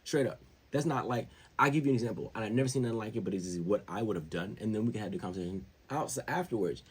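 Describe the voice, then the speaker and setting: A man hosting his own show, talking football in a casual, slangy, rambling way that gets more animated as he goes. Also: fairly low pitch, rapid-fire, slightly rough. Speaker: show host. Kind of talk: casual sports commentary.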